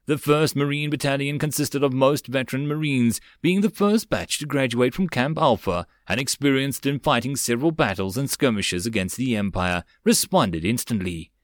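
Male audiobook narrator, steady storytelling, dry close recording. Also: medium pitch, moderate pace, hardly any pauses, no echo. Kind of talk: web novel audiobook reading.

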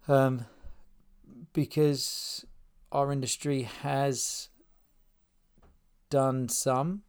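With a gravelly, darkish mid-range voice, a middle-aged podcast host from Spain and England speaks from his spare room. The address is unscripted and heartfelt, rambling with frequent restarts.

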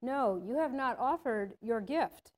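A woman's voice: a little high, animated. Gabriel, a woman reading a firm, kind angel. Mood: solemn. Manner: firm, solemn, unhurried. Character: firm but kind male angel guardian. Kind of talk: storybook reading.

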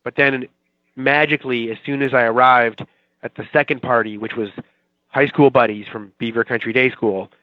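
A man's voice: mid-range voice, fairly even intonation, normal speed, no echo. A chatty man in his forties from the Boston area, talking as a guest in a loose, rambling, self-mocking way. His voice is dry and close, but the sound is dull and muffled like a remote call. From Boston area, Watertown. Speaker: guest, TV writer. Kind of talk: casual interview chat.

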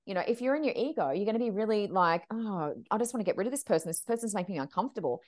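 Animated woman medium, casual podcast guest, acts out quotes, very lively pitch. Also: racing. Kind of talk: casual storytelling chat.

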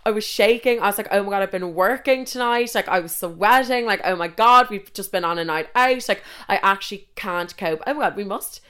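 A woman's voice: mid-range voice, fairly quick, few pauses, fairly bright tone, clean tone. A young woman with an Irish accent telling a story casually, chatty and full of swearing and "like". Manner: chatty, swears a lot, constant "like".

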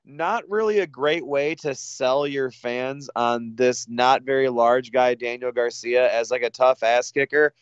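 Dude cohosting a wrestling podcast, dry jokey chat, smooth clear voice, kinda muffled dry sound. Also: male voice, medium pitch, unhurried, few pauses, dry recording. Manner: joking, wry, laughs often. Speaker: podcast co-host.

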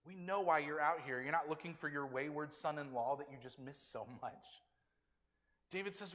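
Pastor, male, conversational sermon delivery, acting out quotes, fairly high voice, long echo of a big hall. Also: moderate pace, sharp tone. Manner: conversational preaching, acts out quotes.

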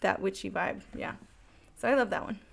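A woman's voice: mid-range voice, normal speed, vocal fry, fairly bright tone. A woman co-hosting a podcast, chatting casually about songs with lots of filler words. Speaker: podcast co-host.

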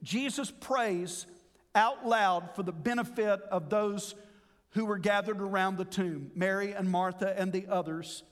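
A man's voice: high-pitched, unhurried. A man preaching a sermon as pastor, earnest and expository, drawing out words for emphasis. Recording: long hall reverb.

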